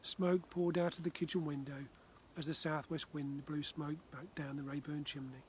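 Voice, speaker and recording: A man from the Far North of Scotland reading his children's book aloud, gently. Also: fairly high pitch, level tone, normal speed, a little hiss or hum. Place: outdoors by a frozen loch.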